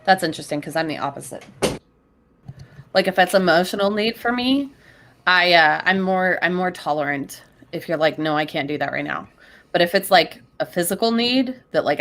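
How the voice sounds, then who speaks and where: A woman's voice: fairly low pitch, a little fast, a bit bright. A woman co-hosting a podcast, talking bluntly and swearing freely in casual chat. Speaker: podcast co-host.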